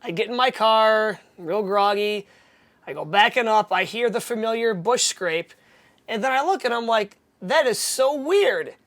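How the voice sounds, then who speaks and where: Casual podcast host, a woman in mid-range pitch, lively storyteller who acts out the other voices. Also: normal speed. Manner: animated, acts out quoted voices.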